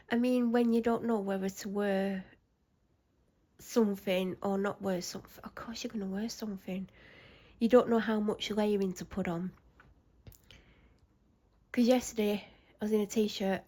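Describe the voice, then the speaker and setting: Gravelly-voiced anxious woman rambling. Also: medium pitch, a little mellow. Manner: anxious, self-interrupting, rambling. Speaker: vlogger. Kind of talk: casual rambling chat.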